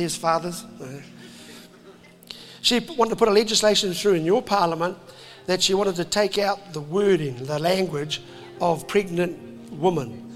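A man preaching to a crowd, animated and jokey, slipping into voices. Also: high voice, in a large hall. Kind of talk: impassioned sermon to a crowd.

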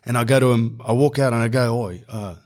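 A man's voice: mid-range voice, flat delivery, quick pace, darkish tone. A man telling a rambling comic story with self-mocking asides.

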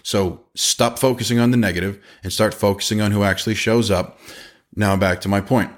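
A man in his forties talks through a casual podcast monologue with a lower voice. He tells stories in an animated way and drops quick asides as he gives his business advice. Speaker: podcast host and business owner.

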